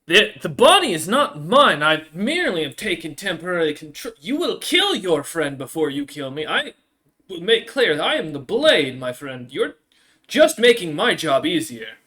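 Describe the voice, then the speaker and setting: A man's voice: fairly high pitch, wildly swooping pitch, moderate pace, sharp tone, exaggerated voice. A man voicing a menacing sentient blade that has taken over a body, cold and contemptuous. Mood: threatening.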